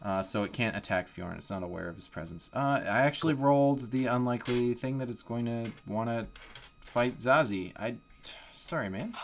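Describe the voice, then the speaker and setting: A man's voice: mid-range voice, creaky, slight background noise. Guy running a tabletop game, laid back, lots of ums, medium voice. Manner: casual, rambling with fillers, quick bursts. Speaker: game master. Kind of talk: narrating a live tabletop game.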